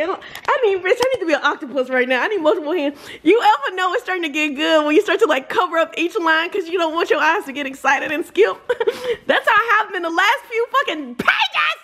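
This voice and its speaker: A woman chatting casually in a reading reaction vlog, exclaiming and cursing as she talks to her viewers. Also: extremely high pitch. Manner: animated, profane, exclamatory chatter addressed to viewers. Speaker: book vlogger.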